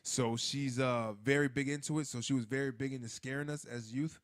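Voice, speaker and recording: A man co-hosting a podcast in casual chat, telling animated stories with loud laughs and acted-out quotes. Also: mid-range voice, brisk. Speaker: podcast co-host.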